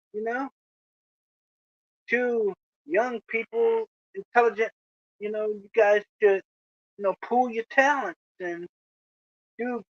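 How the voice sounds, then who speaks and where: Slow, preachy vlogger lecturing rivals. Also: medium pitch, no room sound, dull audio. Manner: preachy, lecturing, repeats "you know?" often. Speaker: video creator addressing rival channels. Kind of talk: moralizing monologue to camera.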